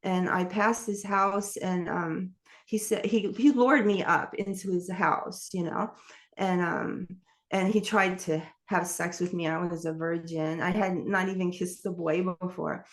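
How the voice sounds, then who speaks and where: A lowish, fairly even voice at a measured pace belongs to a middle-aged New Yorker telling her life story in an interview. She's candid and wanders as she talks, laughing frequently through this personal testimony.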